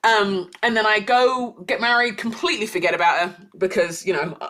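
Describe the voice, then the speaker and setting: A woman's voice: medium pitch, a little fast, fairly bright tone. A woman being interviewed on a podcast, telling a story with lots of laughter and acting out the people she quotes. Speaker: guest, church leader.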